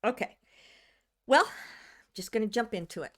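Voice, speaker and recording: A woman's voice: fairly high pitch, lively intonation, moderate pace, fairly bright tone. Rambling woman chatting on a live stream. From United States. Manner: rambling, restarts sentences, greets viewers by name. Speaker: channeler hosting a live stream. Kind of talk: casual live-stream chat with viewers.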